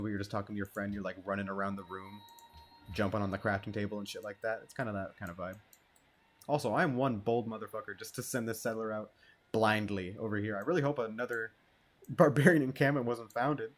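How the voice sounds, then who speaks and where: A man giving casual, rambling gameplay commentary, joking and swearing as he plays. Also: lowish voice. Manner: laid-back, rambling and joking, with frequent swearing. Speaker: gamer.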